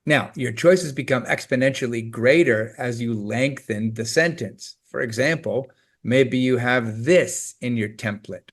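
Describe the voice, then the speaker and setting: A man's voice: mid-range voice, measured pace. A man teaching test preparation in a scripted, emphatic, coaching explanation.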